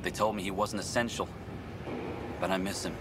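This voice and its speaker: A man's voice: low voice, little pitch movement, moderate pace, natural voice. An actor playing a harried, rule-bound dock worker and worried father in a video game, speaking nervously. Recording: game audio with loud noise.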